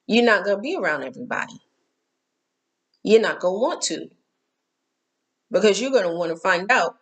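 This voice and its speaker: A woman's voice: medium pitch, expressive, moderate pace, long pauses. A middle-aged woman hosting a casual spiritual talk, candid and emphatic, repeating herself and cursing now and then.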